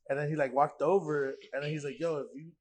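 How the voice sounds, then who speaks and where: Animated young guy telling a story. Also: on the high side, fast, low-quality recording. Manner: animated, acts out quoted dialogue, swears freely, heavy filler "like". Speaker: podcast guest. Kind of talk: casual storytelling.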